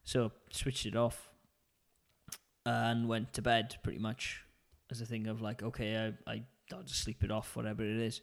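A man's voice: fairly low pitch, monotone, moderate pace, creaky. A man co-hosting a podcast, telling a long story in a chatty, self-mocking way. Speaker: podcast co-host. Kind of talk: casual chat.

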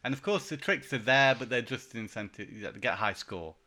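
A man's voice: medium pitch, expressive, fast talker, pushed and bright. A man, co-hosting a casual chat about video games, talking in a rambling, hesitant way with many fillers. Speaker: podcast co-host.

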